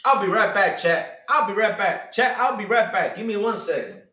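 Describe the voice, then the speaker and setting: A man streaming a casual reaction to his chat, excitable and full of mock outrage. His high voice swings up and down a lot, and it rings in an echoey room. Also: moderate pace. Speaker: streamer host.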